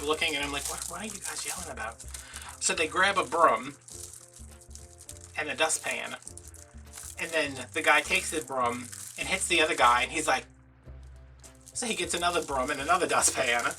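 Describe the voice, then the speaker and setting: A chatty man from Louisiana tells a rambling story in a casual vlog, his voice bright and forward, with sarcastic asides. He sits back from the mic, and soft music plays behind him. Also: fairly high pitch, distant mic. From Louisiana, USA. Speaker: crafting vlogger.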